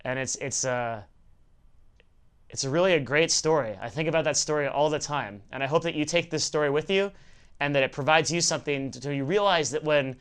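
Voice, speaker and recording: An earnest man is speaking casually to his viewers. He talks in a conversational way and often restarts his sentences. His voice sits slightly high. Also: a little fast, a bit bright, clear, resonant tone. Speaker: vlogger. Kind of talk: casual storytelling and reflection.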